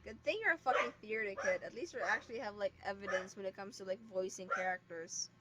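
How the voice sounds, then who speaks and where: Her medium-pitched voice comes quickly as she streams a game, chatting loosely and rambling with plenty of fillers. The young woman's cheap streaming microphone produces very loud hiss, with a dog audible behind her.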